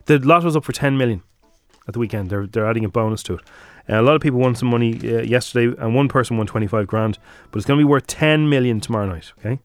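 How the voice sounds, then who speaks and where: An Irish man hosting a breakfast radio show, teasing his co-hosts and rattling off directions for a prank. His voice sits at an ordinary middle pitch and moves along in a chatty, playful way. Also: fast talker, no room sound.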